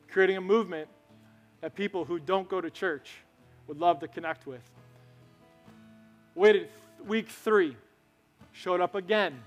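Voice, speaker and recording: A man's voice: sits high, a bit bright. A man giving a conversational sermon as pastor, telling stories and asking his congregation questions. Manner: conversational, storytelling, asks the crowd questions. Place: church sanctuary.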